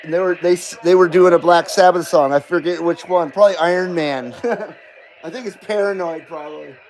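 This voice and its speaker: A man's voice: high-pitched, brisk, poor audio. A middle-aged man hosting a casual live stream, reading viewer comments aloud and bantering back, swearing freely. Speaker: livestream host.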